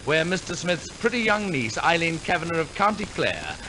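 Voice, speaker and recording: A man's voice: a little high, big pitch swings, normal speed, background noise. A man announcing and narrating a 1940s radio musical, telling the story theatrically with wry asides. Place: radio studio.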